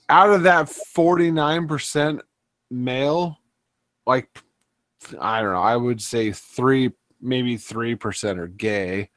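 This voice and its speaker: A man's voice: mid-range voice, no room sound, studio quality. A man in casual live chat, complaining and sometimes mocking others in imitations.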